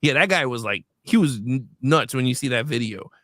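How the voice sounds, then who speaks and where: A man's voice: mid-range voice, animated, fairly quick, fairly bright tone, no echo, studio quality. A young man in casual chat about classic cartoons, laughing often and retelling gags. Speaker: co-host reviewing classic cartoons.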